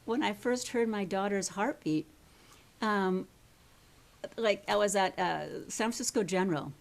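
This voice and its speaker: A woman's voice: mid-range voice, unhurried, gravelly. A woman coaching a live workshop group, talking in a chatty, rambling way and often checking in with the listeners.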